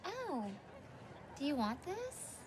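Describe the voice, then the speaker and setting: A woman's voice: very high voice, big pitch swings, slow pace, a little mellow, exaggerated voice. A sassy, taunting teen girl. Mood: mocking. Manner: mocking, taunting. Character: sassy teenage girl, best friend, rude. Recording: noisy film clip audio.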